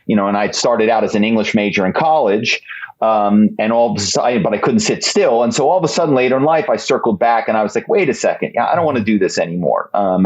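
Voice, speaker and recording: A man speaking as a guest author on a podcast interview, an animated storyteller who acts out phone calls in put-on voices. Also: fairly low pitch, highs cut off.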